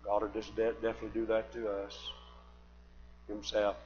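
A man preaching a sermon, swinging from shouted fiery passages to quiet, earnest talk. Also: lowish voice, monotone, moderate pace, lo-fi sound, a little hiss or hum.

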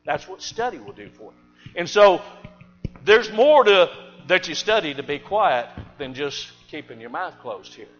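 A man preaching a sermon, telling a folksy story and swinging between loud bursts and hushed asides. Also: fairly high pitch, animated, unhurried. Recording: dull lo-fi church recording with long reverb and faint music.

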